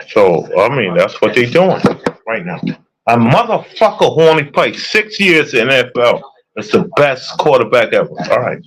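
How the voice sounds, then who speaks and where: A man's voice: medium pitch, fairly bright tone, rough recording. A young man in a casual, profane sports rant, heated and repetitive. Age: young adult.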